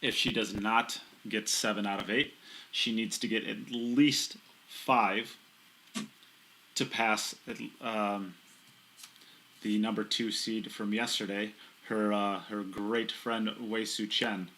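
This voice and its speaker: Bright-voiced male pool commentator. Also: on the low side, fairly even intonation, takes it slowly, rough recording. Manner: chatty, self-mocking, explains shots in detail. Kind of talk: live sports commentary. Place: commentary booth.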